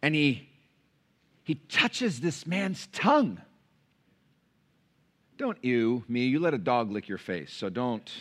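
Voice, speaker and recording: A male pastor preaches a sermon from the pulpit of a church sanctuary, animatedly telling stories and acting out the voices of the people in them. His voice is medium-pitched, slow, with frequent pauses. He speaks into a pulpit mic.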